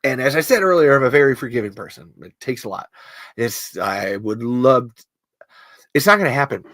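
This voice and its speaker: Trans livestream host, medium pitch, close dry mic, halting and candid, heartfelt. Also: lively intonation, a bit bright, dry recording. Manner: halting, personal, emotional. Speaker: podcast host reading live chat comments. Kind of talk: casual livestream chat.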